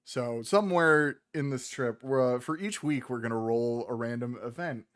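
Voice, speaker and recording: A man narrating as game master of a tabletop game, relaxed, with many ums and uhs. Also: mid-range voice, normal speed.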